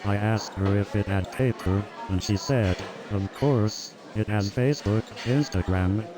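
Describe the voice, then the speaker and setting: A man's voice: on the low side, a little slow. A synthetic man's voice telling a stand-up comedy routine, rattling off one-liners with chuckles. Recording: loud crowd and music behind.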